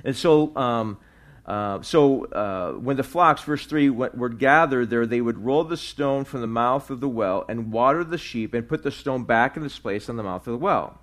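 A man's voice: medium pitch, normal speed, a bit bright. Guy preaching through a bible chapter, casual and rambly, lots of um and uh, keeps asking right?, mid voice. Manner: conversational, frequent fillers and restarts, asks "right?". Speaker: pastor. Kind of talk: sermon teaching through scripture.

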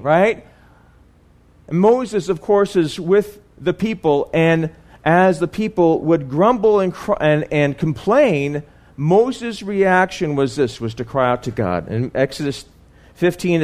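A man with a slightly high voice delivers a sermon as though chatting with his listeners. He stumbles and repeats words, checks in with "right?", and sinks into soft, low tones to press a point home. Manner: conversational, repeats words, asks "right?" often. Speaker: preacher. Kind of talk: conversational sermon.

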